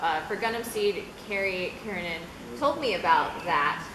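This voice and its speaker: A young woman voice actor chatting on a convention panel, lively and animated when quoting others. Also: fairly low pitch, moderate pace. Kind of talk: casual panel chat. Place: large convention hall. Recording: echoey convention hall with background noise.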